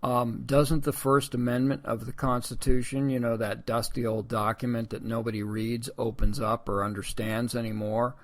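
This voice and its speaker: A man's voice: mid-range voice, little pitch movement, moderate pace, few pauses. A man hosting a political commentary podcast, talking in a sarcastic, rambling way and calling his listeners folks. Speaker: podcast host.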